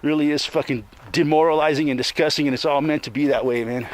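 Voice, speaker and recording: An angry man rants on and on, full of swearing and tacking "man" onto his sentences. His voice sits slightly high, and he wanders from one grievance to the next in a loose, unscripted monologue. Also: steady tone, quick pace. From Colorado. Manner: rambling, profane, angry, repeats "man". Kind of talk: casual monologue rant.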